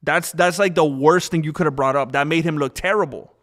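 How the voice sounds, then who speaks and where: A man's voice: a little high, brisk. A man streaming live, arguing and ranting in casual commentary. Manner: animated, argumentative ranting.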